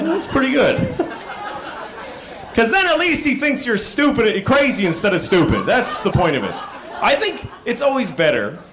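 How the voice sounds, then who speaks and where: A man doing a stand-up comedy set, telling stories and acting out people in sudden high yelps. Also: fairly bright tone, a little hiss or hum. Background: audience laughter.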